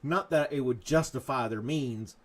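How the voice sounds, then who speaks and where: Rambling, jokey morning show host. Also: male voice, mid-range voice, moderate pace. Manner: rambling, self-mocking, jokey asides; talks to a pestering dog and to chat viewers. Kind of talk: casual live chat.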